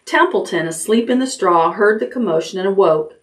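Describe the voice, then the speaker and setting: A woman librarian reading a children's chapter book aloud at bedtime, gently, raising her voice for the characters' lines. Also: animated, brisk. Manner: gentle storytelling, lifts pitch for character lines.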